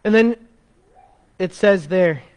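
A man preaching a sermon as pastor, expressive, dropping to a soft slow voice to make a point. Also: high voice.

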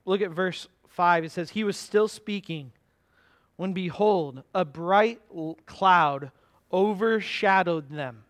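A man preaching a sermon in a conversational way, asking his listeners questions and slowing down to stress words from scripture. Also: high-pitched, fairly bright tone. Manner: conversational, asks the congregation questions. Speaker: pastor.

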